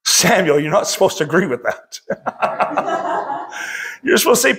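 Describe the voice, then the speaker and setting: Middle-aged pastor guy preaching hard, really high voice, gravelly edge, keeps calling out to the crowd. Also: big pitch swings, moderate pace, pauses often, fairly bright tone. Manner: impassioned preaching, often calling out to the congregation. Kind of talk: sermon.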